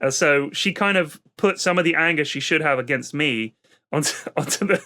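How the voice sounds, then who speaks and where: Talking at a moderate pace in a slightly high voice, the British co-host, himself a parent, works through a long story full of exasperation and curse words. His delivery on the comedy podcast is lively and animated.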